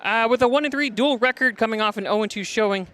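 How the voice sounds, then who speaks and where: Male local sports broadcaster, bright high voice, energetic stat-reading, slightly winded. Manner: energetic, fast-talking, reading stats and names. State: out of breath. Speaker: play-by-play broadcaster. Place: top of gym bleachers.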